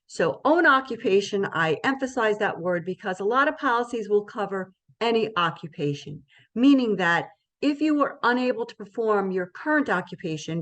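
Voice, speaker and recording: Woman walking people through insurance, chatty, keeps asking "right?". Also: medium pitch. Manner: conversational, checks in often with "right?". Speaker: insurance presenter. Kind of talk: educational presentation.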